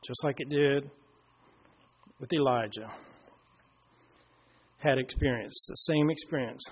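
A middle-aged man preaching a sermon, telling a personal story and slowing down and dropping to a hush for emphasis. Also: medium pitch, slight background noise.

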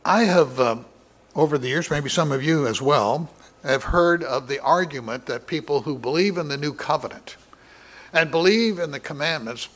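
A man preaching a Bible study sermon, reading scripture aloud in a measured way with many fillers and rising for emphasis. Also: a little high, fairly bright tone. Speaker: pastor.

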